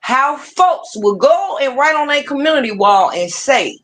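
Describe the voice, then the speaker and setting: A woman's voice: sits high, unhurried, few pauses. A woman hosting a livestream, ranting heatedly and swearing freely at online rivals. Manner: heated, profane, animated. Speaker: streamer host. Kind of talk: profane ranting livestream talk.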